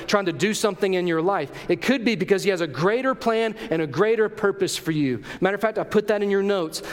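Speaking with a voice that sits high for a man, this pastor gives a sermon in a church sanctuary. He keeps it conversational, asking the congregation questions as he preaches, and the sound rings with a church hall's lengthy reverb.

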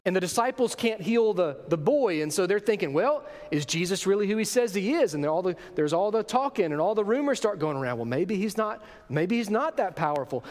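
A man delivers a sermon in a notably high voice, full of rhetorical questions and emphatic repetition. His delivery swings between raised, urgent lines and low, quiet drops. The sound carries a long reverb, as from a church sanctuary. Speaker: pastor.

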